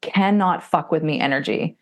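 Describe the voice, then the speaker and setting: A woman in her forties, a podcast guest, telling her story in blunt, profane and animated talk, and acting out other people's voices as she goes. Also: sits low, moderate pace. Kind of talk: candid conversational storytelling.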